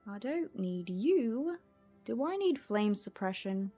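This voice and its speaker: A woman's voice: fairly high pitch, sing-song, slow, mellow. A woman streamer giving casual gameplay commentary, thinking aloud to herself in a chatty way and laughing easily. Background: faint music.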